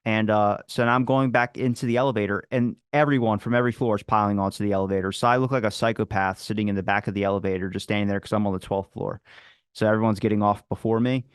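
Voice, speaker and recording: A man's voice: on the low side, steady tone, fast, clean tone, no room sound, studio quality. A man telling a rambling, casual story as a podcast guest, with plenty of fillers and acted-out quotes. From Philadelphia area. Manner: rambling anecdotes, acts out quoted people.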